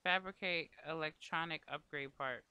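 A man hosts a casual let's play, chatting to the game characters and his viewers as he goes. His voice is very bright and sits a bit high. He speaks in a loose, conversational way throughout. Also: moderate pace, clear, resonant tone, highs cut off. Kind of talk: casual gameplay commentary.

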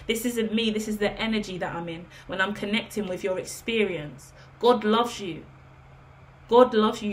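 A woman giving a general tarot reading in a casual, rambling way, earnest and getting emotional as she speaks. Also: mid-range voice. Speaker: tarot reader.

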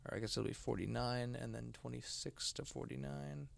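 Drowsy and yawning, a man gives loose live commentary on a horror game, talking to himself and his chat. His mid-range voice is steady and creaky, at a moderate pace.

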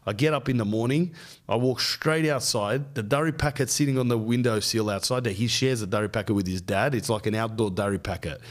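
A man's voice: medium pitch, fairly quick. Slangy Australian man spinning a yarn. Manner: slangy, rambling, animated anecdote telling. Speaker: podcast host. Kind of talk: casual storytelling.

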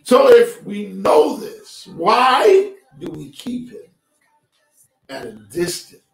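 Slow and creaky, a pastor's high voice swoops wildly in pitch as he preaches a streamed sermon. He speaks with his congregation conversationally and calls for their responses. The church sanctuary recording is roomy and distant, with music faintly behind.

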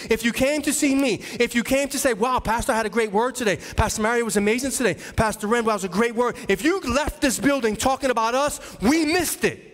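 A man's voice: very high voice, fairly bright tone. A man, an associate pastor, preaching a sermon with impassioned, pleading fervor. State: emotional, voice dropping low. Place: church sanctuary. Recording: long reverb of a church hall.

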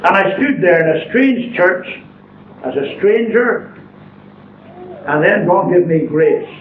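An older male preacher gives an earnest sermon testimony, telling his story with lively intonation and slowing down deliberately to stress key words. His voice is fairly high for a man and sounds far away in a roomy church. The recording is thin and phone-like, with a faint hiss.

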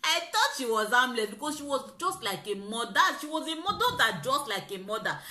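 Young Nigerian woman, vlogger, lively pidgin-laced storyteller; higher, sharp voice, echoey sound. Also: fairly quick. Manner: animated storytelling, mixing pidgin and laughter. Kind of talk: story time vlog. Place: in a car.

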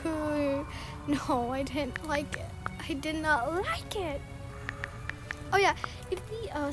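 A young woman casually commenting on a game she is playing, giggling often and easily spooked. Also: high-pitched. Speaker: gameplay streamer. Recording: music playing underneath.

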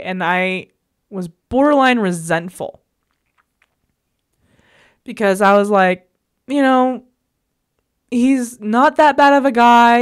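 A woman's voice: a little high, clear, resonant tone. Exasperated woman telling a personal story. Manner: exasperated, emphatic retelling. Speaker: vlogger. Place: a bedroom at home.

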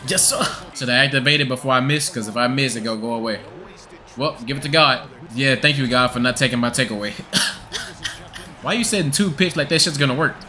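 A man's voice: mid-range voice, quick pace, pushed and bright. A young man giving profane, trash-talking gameplay commentary with a hyped, joking manner. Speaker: gaming video creator.

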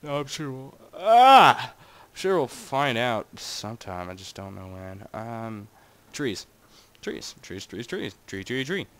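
A man's voice: very animated, slow, fairly bright tone. A young man giving casual, rambling commentary while playing a game and talking to his viewers. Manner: rambling and chatty, talks to his audience, jumps between wild highs and mutters. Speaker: Minecraft gaming channel host.

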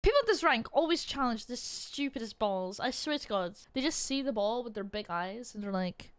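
Excitable young woman gaming streamer. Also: on the high side, normal speed, a little hiss or hum. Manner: excitable, swearing, yelling at teammates. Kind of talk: live gameplay commentary.

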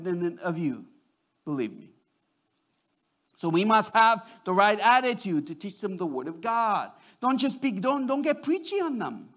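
A man preaching a sermon to a congregation, animated, often repeating words and restarting his sentences as he acts out little quotes. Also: very high-pitched. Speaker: pastor.

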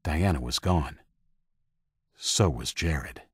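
A man narrating an audiobook in a steady, measured way on a close microphone. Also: very deep voice, breathy edge, dry recording. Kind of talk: scripted narration.

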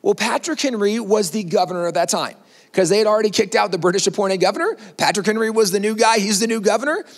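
A man telling a history story to an audience, animated and conversational, checking in with "right?". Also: sits high, fast, big-room sound. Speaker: speaker.

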